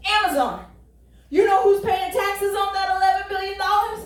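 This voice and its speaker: Woman pastor, high and bright, conversational humorous preaching; roomy echoey hall sound. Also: moderate pace. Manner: folksy, joking, rhetorical questions. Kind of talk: conversational sermon. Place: church sanctuary. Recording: echoey church hall, distant mic.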